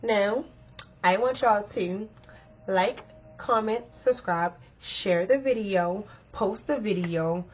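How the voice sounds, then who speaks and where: Animated young woman telling a story. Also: mid-range voice, takes it slowly, slightly rough, muffled recording. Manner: animated, swearing, bursts of laughter. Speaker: vlogger telling a story time. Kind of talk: casual storytime chat to viewers.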